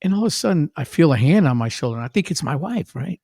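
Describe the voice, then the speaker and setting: A man's voice: fairly high pitch, fast, no echo, clean studio sound. A middle-aged man, a guest musician, telling stories in casual chat and acting out other people's lines in a raised voice. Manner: animated, acts out quotes in a raised voice.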